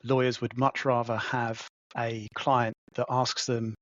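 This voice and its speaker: A man's voice: medium pitch, little pitch movement, measured pace, fairly bright tone. A man on a podcast, explaining his points methodically, recorded on a slightly dull, dry mic. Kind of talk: casual professional discussion.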